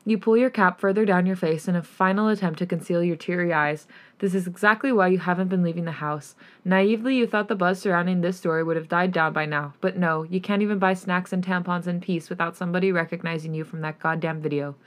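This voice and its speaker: Woman podcast host, fanfic narration, slightly low voice, expressive, emotional. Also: fast. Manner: expressive reading, emotional reactions. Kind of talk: reading fanfiction aloud with chat.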